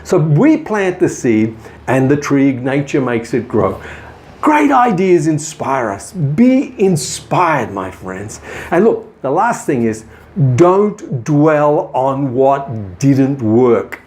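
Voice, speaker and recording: Host of a daily video show, this artist shares business advice in an earnest, encouraging way, looking straight into the camera and addressing viewers as his friends. His voice is darkish and slow, with big pitch swings as he leans into every point. Now and then he restarts words and repeats himself.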